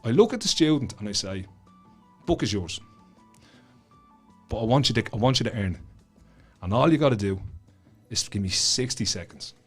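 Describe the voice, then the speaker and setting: A man's voice: fairly low pitch, normal speed, pauses often, husky, soft background music. A man with a Dublin Irish accent, a guest telling stories in casual podcast chat, blunt and swearing freely. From Ireland. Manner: blunt, swears a lot, animated storytelling. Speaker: guest author and school speaker. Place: studio.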